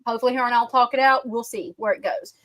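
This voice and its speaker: A woman's voice: on the high side, fairly even intonation, fast talker, a bit bright, no room sound, poor audio. A woman with a Southern US accent hosting a livestream, talking bluntly with heated profanity. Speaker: livestream host. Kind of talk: casual heated livestream chat.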